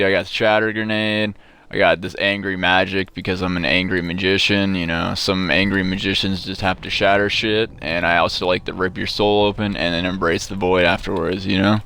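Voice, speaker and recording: A man's voice: deep voice, little pitch movement, normal speed, fairly bright tone, a little hiss or hum. A man giving sarcastic, mock-bragging gameplay commentary, profane and rambling. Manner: rambling with frequent restarts. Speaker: gamer commenting on his play.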